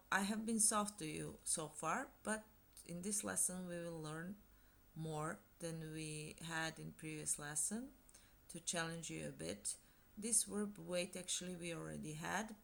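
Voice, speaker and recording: A woman with a Montenegrin accent gives a scripted language lesson, speaking slowly and deliberately and pausing between phrases. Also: sits low, creaky, a bit bright. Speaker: language teacher.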